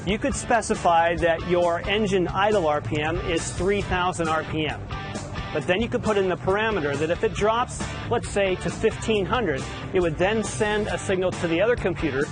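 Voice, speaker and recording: A man calmly explaining racing car technology on a broadcast. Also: sits high. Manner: calm, explanatory. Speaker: technical analyst.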